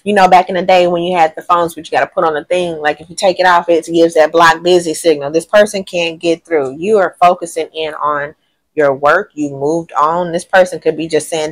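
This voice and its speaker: A woman giving a casual tarot reading to a general audience. She thinks aloud, talks in lively slang, swears now and then and often says she does not know. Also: fairly low pitch, brisk. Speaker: tarot reader.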